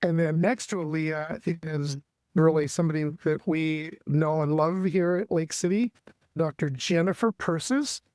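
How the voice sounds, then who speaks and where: A man's voice: fairly high pitch, a little slow, darkish tone, dry recording. A man hosting a church family talk show, introducing his guests in a loose, friendly way. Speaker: host.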